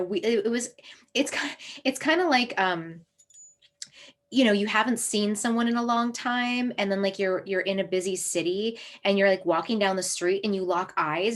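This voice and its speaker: A woman in her thirties, an herbalist, telling a personal story in a casual, animated way, acting out voices and laughing as she goes. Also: mid-range voice, fairly quick. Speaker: herbalist and herb school teacher.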